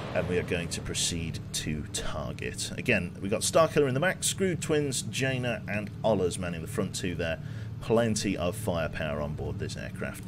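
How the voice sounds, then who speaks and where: Brief: young English male streamer with a hint of Brummie, low-pitched voice, chatty game commentary, faint hum behind. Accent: light Birmingham. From England. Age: 20s. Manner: chatty, self-mocking, reads out game menus. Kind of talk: live gameplay commentary.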